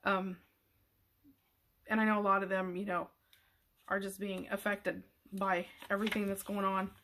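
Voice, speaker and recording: A middle-aged woman hosting a craft tutorial, talking casually in a rambling, halting way with many fillers and restarts. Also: medium pitch, little pitch movement, fairly bright tone, slight background noise. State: emotional, near tears.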